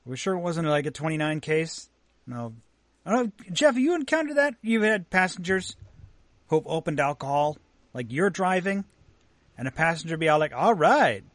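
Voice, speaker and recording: Higher-voiced man, dry close sound. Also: animated, moderate pace, no room sound. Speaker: podcast co-host. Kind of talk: reading news, then casual chat.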